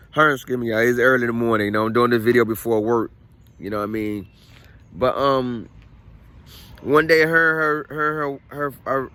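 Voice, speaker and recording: A chatty vlogger with a medium-pitched, bright, forceful voice tells a family story in a casual, conversational way. He repeats phrases and often says "you know what I mean."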